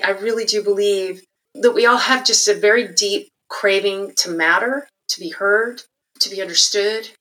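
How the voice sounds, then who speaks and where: A middle-aged woman telling her life story candidly and reflectively, growing animated when she quotes others. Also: mid-range voice, low-quality recording. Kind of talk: personal storytelling interview.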